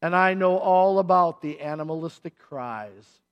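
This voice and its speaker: A man's voice: on the high side, unhurried, clean tone, muffled recording. A middle-aged man preaching a sermon, telling the story with energy and acting out the people in it. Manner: animated storytelling, acting out voices and shouts. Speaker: pastor.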